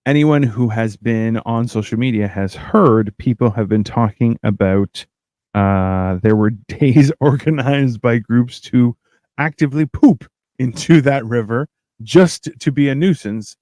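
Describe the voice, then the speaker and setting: A man's voice: medium pitch, measured pace, darkish tone, dry recording. A man hosting a podcast, chatting casually in a rambling, joking, self-mocking way. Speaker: podcast host. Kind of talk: casual comedic chat.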